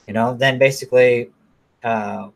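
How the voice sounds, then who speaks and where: A man's voice: mid-range voice, steady tone, measured pace. A man casually recapping a movie in a rambling, profane way, full of fillers and restarts. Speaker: movie reviewer.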